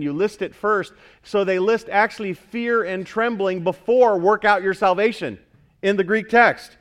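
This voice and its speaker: A man preaching a sermon as pastor, emphatic, repeating key phrases and swinging from loud urging to hushed, earnest asides. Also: sits high.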